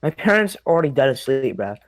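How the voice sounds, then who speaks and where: A man's voice: medium pitch, big pitch swings, fast talker, no echo. A young man casually telling a spooky childhood story, rambling, swearing a lot and laughing often. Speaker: host.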